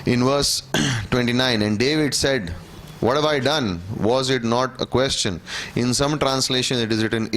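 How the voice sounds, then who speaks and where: A man teaching a church Bible class, reading scripture aloud and explaining it in a conversational way, often checking in with "okay?" and clearing his throat. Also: mid-range voice, fairly even intonation, normal speed, fairly bright tone. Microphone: room microphone.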